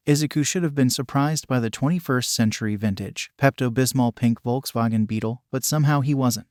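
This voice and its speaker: A man narrating a fan fiction story in an even, plain storytelling manner. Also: mid-range voice, brisk, hardly any pauses, dry recording, clean studio sound.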